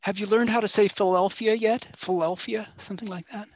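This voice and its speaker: A man's voice: sits high, fairly even intonation, fast talker. A man chatting on a video call about gardening, rambling and teasing. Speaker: gardening group member. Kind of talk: casual video-call chat.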